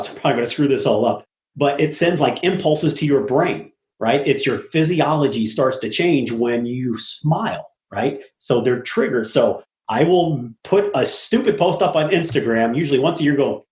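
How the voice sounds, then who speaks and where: A middle-aged man, a guest on an interview, telling stories in a blunt, profane way and acting out the people he quotes. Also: mid-range voice. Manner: animated storyteller, blunt and profane, acts out quoted voices. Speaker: guest, apartment syndicator. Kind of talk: casual interview talk. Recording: echoey room.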